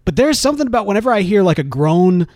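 A man's voice: sits high, big pitch swings, quick pace, darkish tone, dry recording, studio quality. A man from the South, co-hosting a podcast in casual, playful chat and laughing often. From American South. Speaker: podcast co-host.

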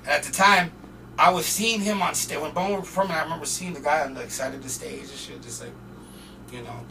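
A man from Portland, Oregon, telling a story as a podcast guest in an animated, profane way. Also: fairly high pitch, a little fast, far from the mic, crowd noise, rough recording. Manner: animated and profane, acting out quotes. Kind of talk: casual storytelling.

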